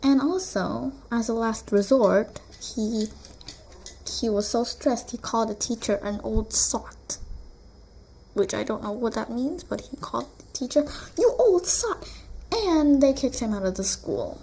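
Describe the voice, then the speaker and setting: Slow, chatty woman retelling a book. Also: fairly high pitch, vocal fry, dark tone, slight background noise. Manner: chatty, rambling, full of "like" and asides. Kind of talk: casual retelling of a novel. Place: room at home with a blue wall.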